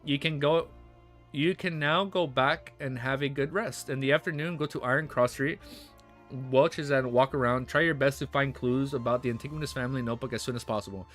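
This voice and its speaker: Calm old male mentor, leisurely, instructive, read by a man, bright voice. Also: medium pitch, fairly quick, soft background music, natural voice.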